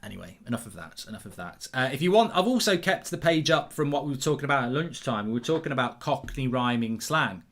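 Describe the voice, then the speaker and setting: A man hosting a live football watchalong, chatting excitably and rambling between the match action and viewer comments. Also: mid-range voice, a little fast, hardly any pauses.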